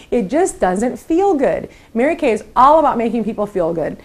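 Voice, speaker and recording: A middle-aged woman with a fairly high voice leads a training session for new sales consultants. She is upbeat and encouraging, and she slips into lively voices to act out sample phone calls. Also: moderate pace, hardly any pauses. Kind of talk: training talk to camera.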